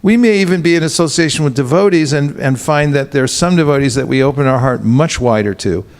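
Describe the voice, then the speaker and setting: A man's voice: fairly high pitch, quick pace. A man giving a sermon as a spiritual teacher, speaking conversationally with frequent fillers and stories. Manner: conversational, storytelling with filler words.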